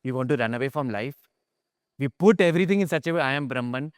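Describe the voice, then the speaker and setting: Animated man teaching. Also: fairly high pitch, fast, clear, resonant tone, dry recording, clean studio sound. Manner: animated storyteller, acts out quotes, swings between hushed and excited. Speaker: spiritual teacher. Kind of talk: informal spiritual class talk.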